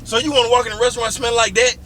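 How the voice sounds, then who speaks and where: A man's voice: extremely high pitch, level tone, rapid-fire, sharp tone, a little hiss or hum. A young man hosting a casual couple vlog from inside a car, talking in an incredulous, exasperated, teasing way. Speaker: vlog host, fiancé. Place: inside a car while driving.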